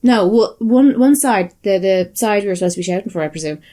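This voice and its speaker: A woman co-hosting a casual podcast, blunt and quick to swear. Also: mid-range voice, lively intonation, warm tone. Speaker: podcast co-host. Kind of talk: casual chat.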